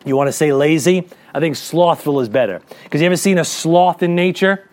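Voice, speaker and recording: A man preaching a sermon to a congregation, asking rhetorical questions and reading scripture slowly and deliberately. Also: on the high side. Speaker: pastor.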